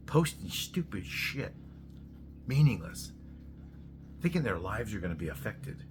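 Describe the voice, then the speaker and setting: A man delivering a blunt, profane ranting monologue that keeps flaring into loud outbursts. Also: fairly low pitch, expressive, measured pace, vocal fry, pauses often, background noise. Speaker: host.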